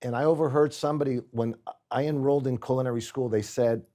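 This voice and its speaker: A man's voice: medium pitch, quick pace. A man from Puerto Rico, a guest chef telling stories casually and acting out the people in them. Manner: animated, acts out the people in his stories. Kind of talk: casual storytelling on a podcast.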